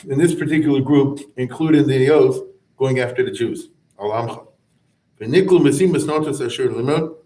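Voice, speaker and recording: A man's voice: medium pitch, normal speed, warm tone. A man teaching a rabbinic class in a conversational style, chanting verses and then explaining them with frequent asides. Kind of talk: informal explanatory lecture. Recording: echoey room, mic at a distance.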